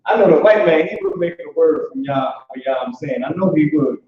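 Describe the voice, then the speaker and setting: A man teaching an informal online language class, talking loosely with many restarts and filler words like "boom". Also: expressive, brisk. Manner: loose, conversational, repeats "boom" and restarts often. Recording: echoey, dull online call audio.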